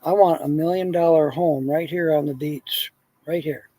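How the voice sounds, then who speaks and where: A man's voice: fairly high pitch, fairly even intonation, normal speed, mellow, no echo, close to an everyday voice. A man voicing a divorced man in a joke he tells, who weighs each wish hesitantly and calculates his moves. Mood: scheming. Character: scheming divorced man making wishes.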